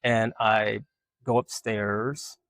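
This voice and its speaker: A man from Alabama, telling animated family stories as an interview guest. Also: on the low side, extremely slow, no room sound. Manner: animated storyteller, acts out quoted voices. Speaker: guest, artist. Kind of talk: casual storytelling interview.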